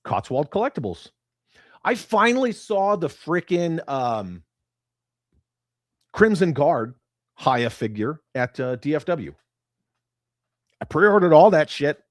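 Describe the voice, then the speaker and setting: Reacting to comments on his casual livestream, this host swears freely and speaks bluntly, jumping from loud outbursts to quiet muttered asides. His pitch is fairly high, and the audio is clean studio quality with no room sound.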